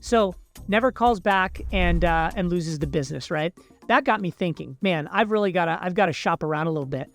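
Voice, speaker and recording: A man's voice: sits high, a little fast, soft background music. A man hosting a video, casually telling a personal story with fillers and asides to the viewers. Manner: chatty, animated retelling with fillers, addresses viewers as people. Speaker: video host.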